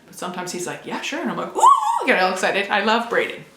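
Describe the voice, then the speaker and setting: A woman's voice: lowish voice, fast talker, background noise. A young woman vlogging casually to camera at home, candid and chatty, with playful sound effects. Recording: echoey room.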